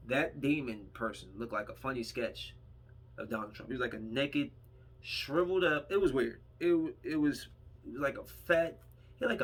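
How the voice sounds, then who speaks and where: Husky-voiced man rambling through a plot. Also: medium pitch, a bit bright. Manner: rambling, acts out characters' lines while retelling. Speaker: podcast movie reviewer. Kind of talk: casual plot retelling.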